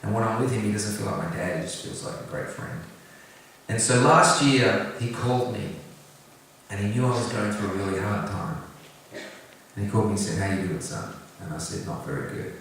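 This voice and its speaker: A man speaks earnestly to an audience, sharing a personal story with a few light jokes. His voice sits on the low side. The recording is very echoey, taken from some distance, with faint room ambience behind him. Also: brisk, pauses often, a little hiss or hum. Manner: earnest, direct, gently humorous. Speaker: singer-songwriter talking about his song.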